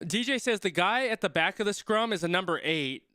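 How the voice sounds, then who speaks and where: A young man talks casually through a live match, thinking aloud and stopping halfway through sentences as he reads viewer comments. His voice is bright and crisp, a bit higher than most men's, and it sits close and dry on the mic. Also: animated, a little fast, no echo. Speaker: streamer reacting to a rugby match.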